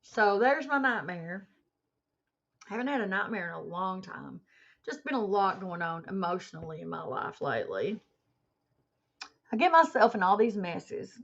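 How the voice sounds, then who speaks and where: A woman's voice: medium pitch, moderate pace, creaky, long pauses. Chatty woman livestreaming, muffled lo-fi sound. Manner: animated storyteller, reads chat aloud. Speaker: livestream host. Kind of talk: casual livestream chat. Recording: muffled lo-fi stream audio.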